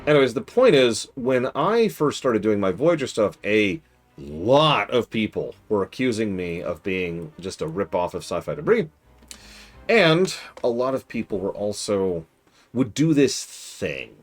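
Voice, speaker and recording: Streamer, male, low voice with big swings in pitch, chatty and mock-exasperated between muttered game asides. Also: unhurried. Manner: animated, mock-exasperated asides, mutters to himself while playing. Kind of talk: casual chat while playing a strategy game.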